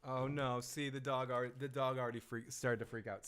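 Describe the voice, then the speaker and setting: A man's voice: mid-range voice, little pitch movement, normal speed, fairly bright tone, smooth. A man hosting a casual live stream, rambling and joking as he reads viewer messages and laughs often. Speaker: live stream host reviewing a TV episode.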